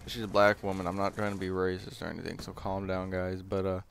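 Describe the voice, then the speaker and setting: A man's voice: sits low, completely flat delivery, fast, creaky, slight background noise. A young man giving casual, rambling gameplay commentary, full of hesitant fillers.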